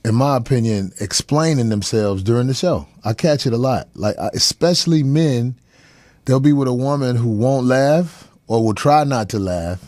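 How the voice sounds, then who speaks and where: A middle-aged comedian hosting his talk show, telling crude road stories in a loose, profane way and breaking into laughter as he goes. He slips into quick voices for the people he quotes. The sound is dry and close, with no room around it. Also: mid-range voice, expressive, darkish tone, dry recording. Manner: profane, laughing, chuckles mid-story. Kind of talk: casual storytelling chat.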